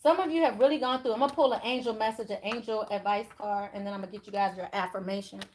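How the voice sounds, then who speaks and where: A woman giving a spiritual tarot reading to her viewers, talking straight to them in an animated, preachy way with frequent exclamations. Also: mid-range voice, fast, slight background noise. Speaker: tarot reader.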